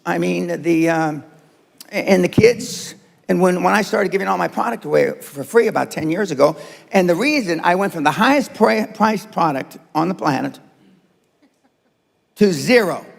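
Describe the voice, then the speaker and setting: A man's voice: sits high, lively intonation, normal speed, vocal fry, in a large hall. An older man giving a blunt, profane and confrontational seminar speech to a live audience. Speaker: motivational speaker. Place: seminar room.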